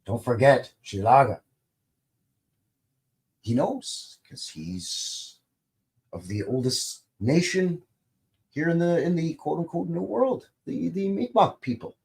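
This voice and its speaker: A man's voice: fairly high pitch, lively intonation, slow, creaky, pauses often, a little mellow. A man hosting a live stream in a casual, rambling way, greeting viewers and reading their comments aloud with light jokes. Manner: jokey and informal, swears lightly. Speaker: livestream host.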